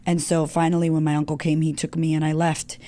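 A woman's voice: sits low, flat delivery, quick pace, mellow. A middle-aged woman telling her own life story in an interview, frank and emotional, swearing freely. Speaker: guest. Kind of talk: candid personal storytelling.

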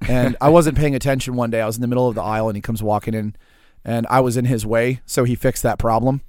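A man from Louisiana, a veteran guest on a podcast, telling stories with quick, wry, deadpan humor. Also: mid-range voice, dry recording, studio quality. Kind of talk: casual storytelling.

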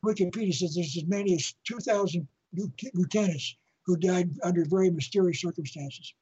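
A man speaks as an interview guest, spinning a long story in a husky, slightly rough voice. He often repeats and restarts his phrases as he goes. The recording is muffled and lo-fi. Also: high-pitched, a little fast, darkish tone. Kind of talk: telling an anecdote in an interview.

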